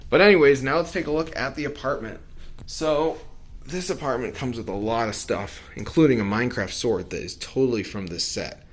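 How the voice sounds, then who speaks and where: A man's voice: medium pitch, brisk. A man reviewing building toys in a casual vlog, rambling and hesitant, with lots of fillers and self-corrections. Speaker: toy reviewer.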